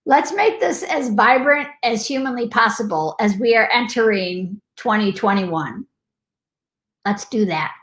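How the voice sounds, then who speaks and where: A woman's voice: on the high side, expressive, a little slow, fairly bright tone. A woman hosting a casual motivational live stream, bubbly and affectionate, chatting to her viewers. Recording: echoey room.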